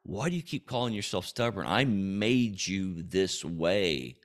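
A man voicing the Lord as a patient, measured presence that gently corrects him. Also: sits low, animated. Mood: calm correction.

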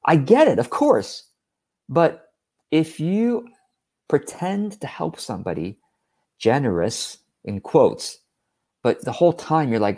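A man's voice: mid-range voice, big pitch swings, unhurried, warm tone. A man giving a direct-to-camera business talk in a blunt, exasperated, emphatic manner. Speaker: business coach.

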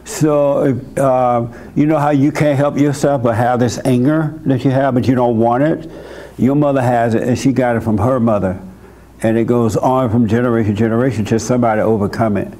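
In a blunt counseling exchange at a church gathering he hosts, a man presses a young caller with short, pointed questions and repeats words to insist on his points. He speaks briskly in a warm, mid-range voice with fairly even intonation.

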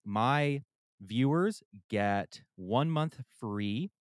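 A man's voice: medium pitch, animated, very slow, dry recording, studio quality. A man hosting his own podcast from a room at home, chatty and candid, poking fun at himself as he reads sponsors and thanks listeners. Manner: candid, chatty and self-deprecating. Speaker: podcast host. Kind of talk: casual podcast intro and sponsor read.

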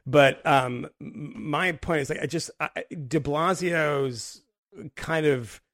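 Male podcast co-host, gravelly and slightly high, rambling casual talk, dry close mic. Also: slow pace, a bit bright, dry recording. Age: adult with a daughter. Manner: rambling, self-interrupting, laughs often.

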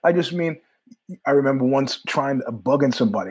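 A middle-aged male host with a husky, slightly breathy voice. He talks in a loose, rambling way, jumping from tangent to tangent. His pitch sits in an ordinary middle range. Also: a little fast. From New York. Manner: rambling, animated, jumps between tangents with asides. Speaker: podcast host. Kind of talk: casual monologue storytelling.

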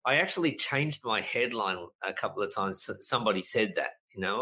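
Bright-voiced man, animated. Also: lowish voice, fairly quick, few pauses, rough recording. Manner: animated storyteller, lively voices for quotes, frequent laughs. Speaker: business coach. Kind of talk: casual podcast interview.

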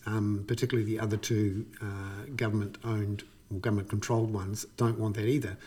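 A man's voice: mid-range voice, a little mellow. A man with a New Zealand accent giving a casual, wry spoken commentary on markets, chatty with frequent fillers and bursts of emphasis. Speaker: economics commentator.

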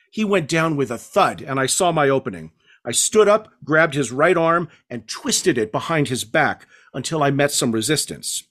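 A male author reads his own crime novel aloud in a measured, hard-edged first-person voice. His speaking voice sits somewhat high for a man. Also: pushed and bright.

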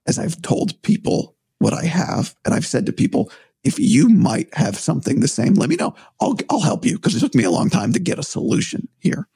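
A man talking in a casual, thoughtful, rambling way, with a gravelly, husky voice. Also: on the high side, dark tone, dry recording. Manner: thoughtful, rambling, restarts often. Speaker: broadcaster, podcast guest. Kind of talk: casual conversation.

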